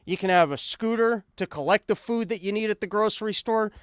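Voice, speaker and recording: A man's voice: high voice, fairly quick, clean tone, no echo, clean studio sound. A man hosting a podcast, delivering a sarcastic, rambling comedic monologue. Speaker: podcast host.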